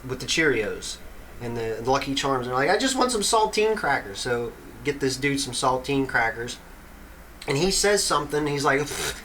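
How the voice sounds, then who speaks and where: A man in his thirties, a podcast host, telling a long story in an animated, casual way and swearing freely. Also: a little high, slight background noise, rough recording.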